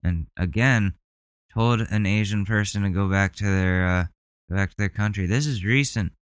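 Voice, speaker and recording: A man's voice: on the low side, moderate pace, smooth, no room sound. A man hosting a casual reaction commentary, talking in an indignant, profane, rambling way. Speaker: commentary host.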